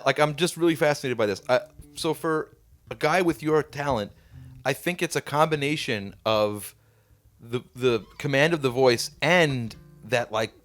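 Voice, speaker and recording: A man's voice: medium pitch, moderate pace, fairly bright tone, faint music behind. A man hosting a casual band podcast, talking in a curious, rambling way with lots of fillers. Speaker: podcast host and band guitarist. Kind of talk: casual chat.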